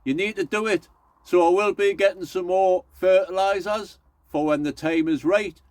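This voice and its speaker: Middle-aged vlogger, rambling and folksy, talks a touch high, dry and close. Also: male voice, fairly even intonation, moderate pace, a little mellow, no echo. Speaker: allotment vlogger. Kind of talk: casual chatty vlog.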